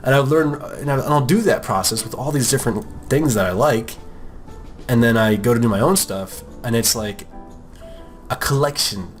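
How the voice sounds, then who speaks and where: A man's voice: mid-range voice, normal speed, faint music behind. A young American man talks casually about art and his name as an art podcast host, rambling and joking, often acting out other people's voices. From United States. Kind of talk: casual talk while drawing.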